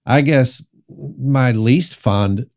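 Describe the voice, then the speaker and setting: A man with a Southern US accent, a pastor hosting a casual podcast interview, relaxed and folksy with many fillers. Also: mid-range voice, very slow. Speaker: podcast host.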